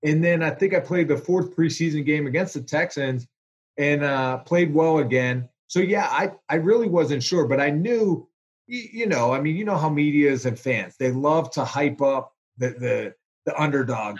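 A man, a former pro quarterback, telling stories in a relaxed interview with lots of fillers. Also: on the high side, normal speed. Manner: animated, chatty storyteller with fillers. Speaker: former NFL quarterback, guest. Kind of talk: casual storytelling interview.

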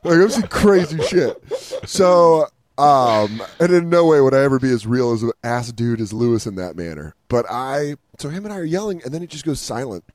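A man's voice: medium pitch, fairly quick. A young man hosting a podcast, telling a story casually with lots of swearing and acted-out dialogue. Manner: animated, profane, acts out dialogue. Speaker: podcast host.

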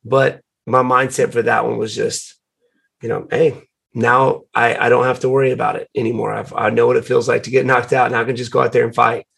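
A man talking as a podcast guest, telling stories in a relaxed, casual way with lots of fillers. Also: mid-range voice, fairly quick, gravelly, slightly rough. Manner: relaxed storytelling, many fillers. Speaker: guest, fighter.

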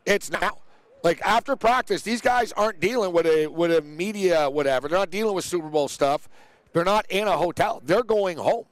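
A man's voice: sits high, moderate pace, no echo. A man hosting a casual sports chat show, telling stories animatedly and acting out the people he quotes. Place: outdoors near a big event.

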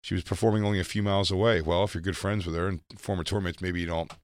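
Low-voiced man joking on a podcast. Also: fairly even intonation, rapid-fire. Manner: joking, reads news items aloud. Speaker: podcast co-host. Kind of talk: casual comedy chat.

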